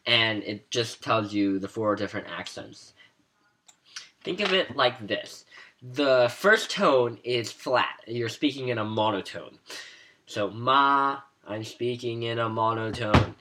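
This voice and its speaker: A man's voice: medium pitch, animated, slow, sharp tone. A man giving a casual spoken lesson, explaining sounds and demonstrating each one aloud with a few fillers. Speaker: language teacher.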